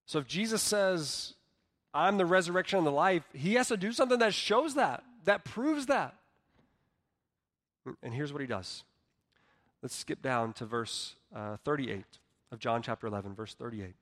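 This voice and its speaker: A man preaching a sermon as pastor, earnest, dropping soft and then rising loud for emphasis. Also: a little high, lively intonation, normal speed, in a large hall. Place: church hall.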